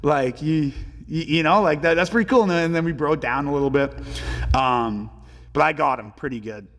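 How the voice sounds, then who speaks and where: A man in his twenties, a pro hockey player telling stories as a podcast guest in a relaxed, filler-heavy way and swearing casually. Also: on the high side, a little fast, in a large hall. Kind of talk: casual storytelling interview.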